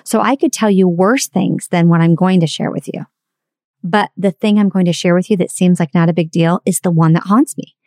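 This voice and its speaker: A middle-aged woman speaks candidly in a confessional monologue, reflecting openly on her past. Her voice sits a little low, and the recording is close and dry with no room sound. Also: fairly quick, dark tone, dry recording. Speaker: parenting speaker.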